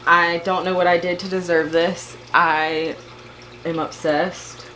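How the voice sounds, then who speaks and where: A woman's voice: lowish voice, flat delivery, slow pace, pushed and bright, a little hiss or hum, low-quality recording. A woman vlogging a plant unboxing, gushing and overwhelmed with emotion as she talks to her viewers. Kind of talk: casual unboxing vlog.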